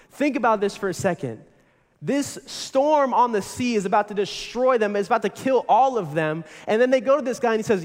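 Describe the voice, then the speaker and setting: A young adult male pastor preaching a sermon, telling stories with dramatic swings between loud passages and hushed ones. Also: sits high, animated, brisk, in a large hall.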